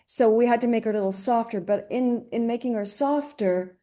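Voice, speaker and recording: Middle-aged woman from greece, chatty, lots of restarts, warm mellow tone. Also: a little high, brisk. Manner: chatty, many restarts and fillers. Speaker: guest, voice actress. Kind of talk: casual interview anecdotes.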